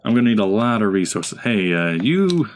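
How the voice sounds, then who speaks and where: A man's voice: lowish voice, big pitch swings, moderate pace, a little hiss or hum. A man giving casual gameplay commentary as a let's play host, chatting and talking to his units. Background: game music.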